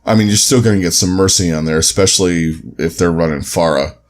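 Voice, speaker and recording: A man's voice: low voice, brisk. A man co-hosting a casual esports podcast, easygoing and loose, filling his talk with "you know" and "um". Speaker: co-host.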